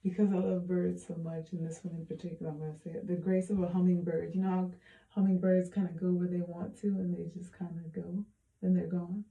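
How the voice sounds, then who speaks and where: A woman speaking a heartfelt personal message into her hand-held phone, soft and halting with many pauses, close to tears. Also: on the low side, little pitch movement, creaky, reverberant, phone-quality sound. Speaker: vlogger.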